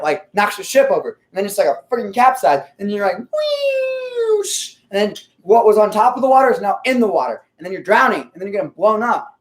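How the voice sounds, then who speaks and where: Casual male vlogger, a touch high-pitched, profane and rambling, lots of "like" and "um", keeps clearing his throat.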